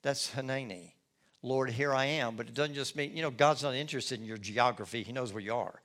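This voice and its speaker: A middle-aged male pastor preaching a sermon in an expressive storytelling manner. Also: medium pitch, quick pace. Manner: expressive, storytelling, acts out scenes. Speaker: lead pastor.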